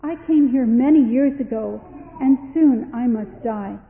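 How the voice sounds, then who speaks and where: A woman voicing a frail, gentle old male church mouse who speaks slowly and solemnly. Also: a little high. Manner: slow, solemn, sighing. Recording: tinny, echoey long reverb.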